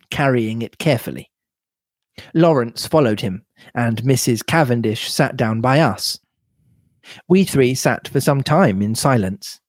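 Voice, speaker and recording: A man reading a novel aloud in a measured, steady manner. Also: mid-range voice, dry recording, clean studio sound. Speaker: reader.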